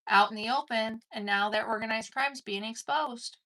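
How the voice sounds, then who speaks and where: A woman's voice: on the high side, normal speed, bright, forceful tone. A woman giving an intense collective tarot reading, swearing casually and calling the listener "dude". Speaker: tarot card reader.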